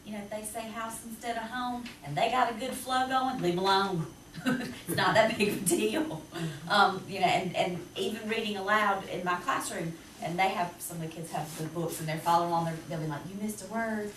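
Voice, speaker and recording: A woman teacher with a Southern US accent, talking to parents about reading in a chatty, lively way. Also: mid-range voice. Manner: chatty, lively, quick to laugh. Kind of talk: presentation to parents. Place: school classroom. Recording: roomy, distant, noisy classroom recording.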